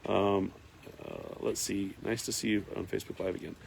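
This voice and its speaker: A man's voice: lowish voice, little pitch movement, normal speed, creaky, darkish tone, a little hiss or hum. A man hosting a casual live stream from his farm, reading viewer comments aloud and rambling with lots of fillers. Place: farm in Northern California.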